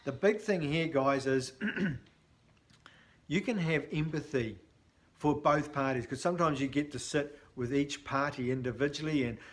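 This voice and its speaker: A chatty sales coach, a man talking straight to his viewers in a blunt, animated way. His voice sits a little on the high side, and he leans on fillers as he explains. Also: unhurried. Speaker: sales trainer. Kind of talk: casual instructional talk to camera.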